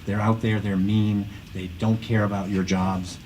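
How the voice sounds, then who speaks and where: Panel speaker, male, low voice, emphatic with a dry joking streak, faint room noise behind. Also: flat delivery, unhurried, darkish tone, poor audio. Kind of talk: panel discussion talk.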